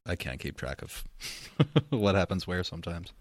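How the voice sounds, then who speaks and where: A man co-hosting a podcast in casual chat about a novel, wry and quick to laugh. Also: deep voice, very animated, no room sound. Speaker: podcast co-host. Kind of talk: casual book discussion.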